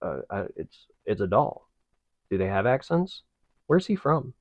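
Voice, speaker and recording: A man's voice: on the low side, very animated, no room sound, highs cut off. A man co-hosting a podcast, making wry, joking comments in casual banter. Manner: wry, joking asides, slow drawl. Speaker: podcast co-host.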